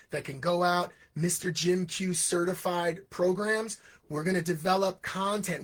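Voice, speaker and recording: Man, high-pitched, husky voice, energetic live talk, emphatic asides, English teacher. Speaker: English teacher and education program founder. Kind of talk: live monologue. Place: Hong Kong.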